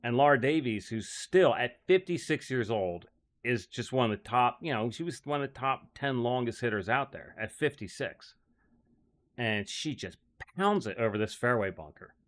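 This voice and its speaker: A man in an easy, rambling storytelling mode, full of "like" and quick laughs. His voice sits at an ordinary middle pitch for a man, and he recounts his caddie days in a loose, chatty way. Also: animated, a bit bright. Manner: rambling, heavy use of "like", frequent laughs. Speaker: caddie telling stories as a guest. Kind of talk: casual storytelling.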